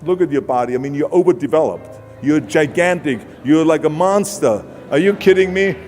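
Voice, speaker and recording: A man with an Austrian accent putting on a sneering male talent agent who mocks with loud disbelief. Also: fairly high pitch, normal speed, natural voice. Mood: mocking. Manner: scoffing, loud, exaggerated disbelief. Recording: hall reverb with music underneath.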